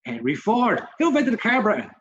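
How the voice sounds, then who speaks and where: A man's voice: high voice, wildly swooping pitch, a little fast, a bit bright. Man in his 40s, fired up and sweary, slips into mocking voices, muffled lo-fi podcast audio. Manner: heated, sweary, mocks others in put-on voices. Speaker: podcast co-host. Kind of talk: casual podcast chat.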